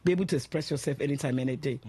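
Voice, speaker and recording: A Nigerian woman co-hosting a casual radio talk, emphatic and animated, often checking "do you understand?". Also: extremely low pitch, racing, husky. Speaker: radio co-host. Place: radio studio.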